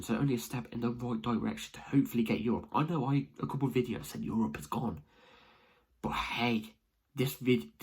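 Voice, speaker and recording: A young man reacts excitedly to a football match from home, rambling and restarting his sentences. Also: mid-range voice, husky. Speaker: football fan vlogger.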